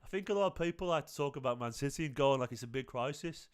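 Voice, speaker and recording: A man voicing a Midlands footballer in a deliberately poor imitation of a Birmingham accent. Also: mid-range voice, clean tone, lightly acted. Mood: mock-earnest. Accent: attempted Birmingham. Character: a footballer from the Midlands, quoted in a clumsy mock accent.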